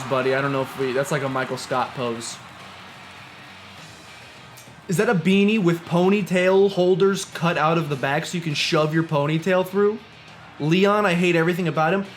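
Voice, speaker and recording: A young man streaming a video game, joking and ranting as he plays and sometimes reading the game's lines aloud. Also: on the high side. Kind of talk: casual gameplay commentary. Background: game music.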